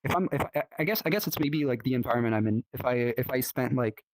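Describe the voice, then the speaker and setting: This podcast guest is a Frenchman talking in English with a noticeable accent, his medium-pitched voice animated on a dry recording. The casual chat comes out halting, full of fillers and false starts.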